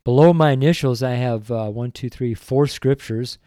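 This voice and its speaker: A man preaching a devotional sermon and praying, earnest and openly emotional, with slow, deliberate emphasis. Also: mid-range voice, warm tone, no room sound, studio quality. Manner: earnest, emotional, tearful at times.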